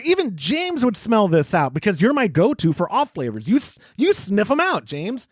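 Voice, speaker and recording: A male podcast host with a high, lively voice that leaps up and down as he tells stories against himself. The sound is close and dry, with no room around it. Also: a little fast, no room sound. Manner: animated storytelling, self-mocking. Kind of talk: casual podcast chat.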